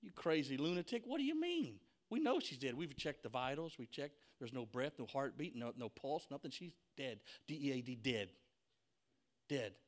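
A man's voice: mid-range voice, lively intonation, moderate pace, natural voice. A man acting out scoffing mourners. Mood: mocking. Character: scoffing mourners, mocking and incredulous.

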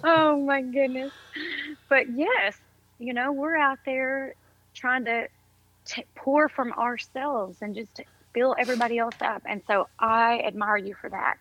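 A woman's voice: fairly high pitch, steady tone, a little slow, fairly bright tone, highs cut off. Effusive upbeat woman guest. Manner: upbeat, effusive, faith-filled encouragement. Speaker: podcast guest. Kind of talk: casual interview chat.

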